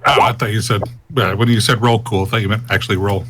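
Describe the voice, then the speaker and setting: Man, player, low voice, easygoing, hesitant. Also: fairly even intonation, fast talker, a bit bright. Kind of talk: casual tabletop play.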